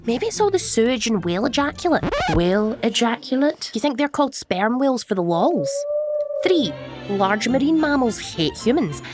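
A young woman delivering scripted comedy with sardonic, deadpan asides. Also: fairly high pitch, normal speed, music in the background. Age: young adult.

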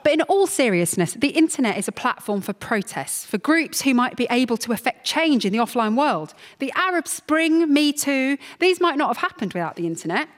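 Brief: woman comedy host, dry teasing delivery, a touch high-pitched, long reverb of a hall. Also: sing-song, fairly quick, hardly any pauses. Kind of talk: scripted comic monologue before a live audience.

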